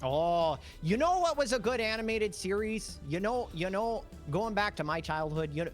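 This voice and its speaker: A man's voice: high voice, animated, moderate pace, faint music behind. A man chatting as a guest in casual comedy, playful and hammy, and ending lines with "eh.".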